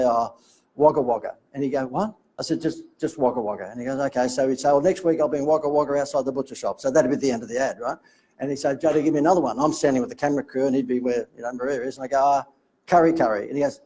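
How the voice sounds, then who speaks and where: A middle-aged Australian man telling chatty, animated anecdotes from his marketing career. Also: mid-range voice, breathy edge, low-quality recording. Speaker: marketing speaker telling a story. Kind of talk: casual storytelling talk.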